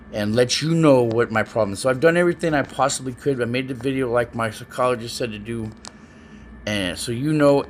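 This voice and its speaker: Halting, earnest man in a video message. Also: medium pitch, slight background noise. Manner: halting, earnest, repeats words often. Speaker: parent speaking to his child. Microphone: self-recorded video, facing the camera.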